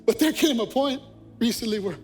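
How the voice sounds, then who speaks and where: A man's voice: very high voice, animated, brisk. A man preaching a sermon as pastor, repeating his phrases as he builds intensity. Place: church sanctuary. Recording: long church reverb with faint music.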